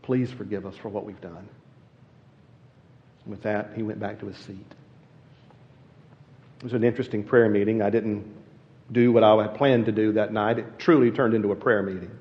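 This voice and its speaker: A man giving a sermon as a guest preacher, telling a story and building to loud, emphatic peaks. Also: lowish voice, steady tone, a little fast, pauses often. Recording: long reverb, dull lo-fi sound.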